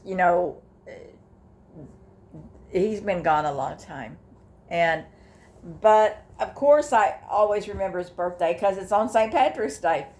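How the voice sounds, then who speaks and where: An older woman, talking casually in a personal vlog, halting with fillers and restarts, emotional and close to tears at times. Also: lowish voice, darkish tone. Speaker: vlogger sharing her grief journey.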